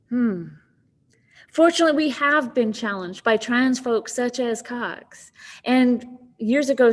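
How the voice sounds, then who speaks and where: A woman minister preaching a sermon, telling a story gently and softening to a hush in tender quoted moments. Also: a little high, long reverb tail. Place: church sanctuary.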